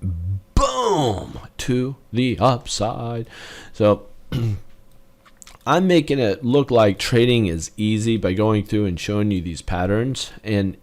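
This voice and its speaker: A man teaching trading patterns as he walks through charts, animated and punctuating price moves with sound effects. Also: on the low side, slow pace. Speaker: trading educator. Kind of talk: chart walkthrough lesson.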